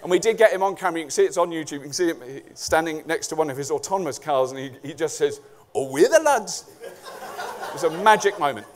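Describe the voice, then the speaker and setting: A middle-aged man from England speaks at a conference in a high voice, swearing freely and cracking sarcastic jokes. His talk is a loose, comic rant on stage. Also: rapid-fire, hardly any pauses.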